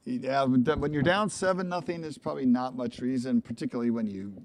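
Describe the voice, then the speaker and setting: A man calling a live baseball game play-by-play, chatty and rambling into asides between pitches. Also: fast talker, darkish tone. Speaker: play-by-play commentator.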